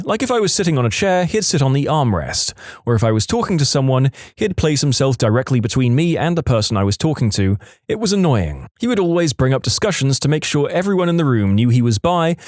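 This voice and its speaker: A man narrates online stories in a lively, swooping voice, leaning into dramatic pauses. His pitch sits mid-range, and the recording is close and dry with no room sound. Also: dry recording. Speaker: story narrator. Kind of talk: reading online stories aloud.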